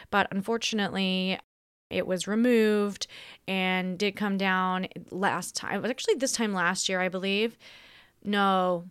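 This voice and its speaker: Her accent shifts between Australian and American as this Australian podcast host rambles dramatically and mocks herself in a monologue recorded at home. The pitch sits in the middle, slightly bright, with a clear, resonant tone. A studio microphone gives clean sound without any room noise.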